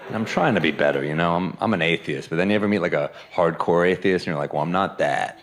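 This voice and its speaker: A male stand-up comedian with a very deep voice talks through his bit in an offhand, conversational way. Clear background noise runs behind him. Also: quick pace. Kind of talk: stand-up set.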